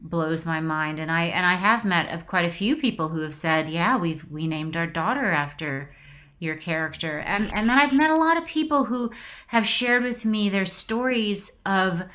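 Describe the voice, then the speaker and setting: Woman in her forties, actress guest, bright and fairly low voice, halting and reflective, near tears. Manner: reflective, halting, many restarts. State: emotional, choked up. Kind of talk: casual video interview.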